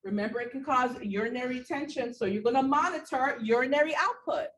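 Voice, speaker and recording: Animated woman lecturing in an echoey room. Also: sits high, fast, recorded from a distance. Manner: animated, repetitive emphasis, talks to students directly. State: out of breath. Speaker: nursing instructor. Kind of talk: classroom lecture. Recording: echoey room, voice from afar, faint background noise.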